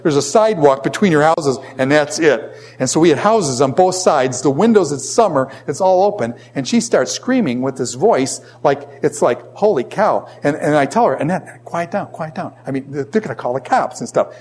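A man's voice: a little high, expressive, a little fast, few pauses, a little mellow. Chatty middle-aged man lecturing a class. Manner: conversational, repeats phrases, acts out quoted voices. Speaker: teacher.

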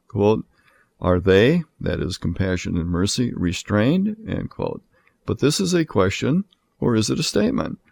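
A man teaching a Bible lesson in a measured lecture style, marking each citation with "quote" and "end quote". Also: deep voice, vocal fry, darkish tone. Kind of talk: lecture on scripture.

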